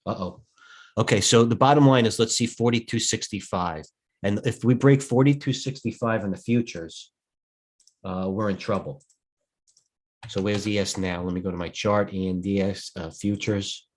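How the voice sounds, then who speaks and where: This stock trading host, a middle-aged man, speaks at normal speed with a voice on the low side. During his live stream he rambles a little tiredly, thinking aloud and breaking off mid-thought.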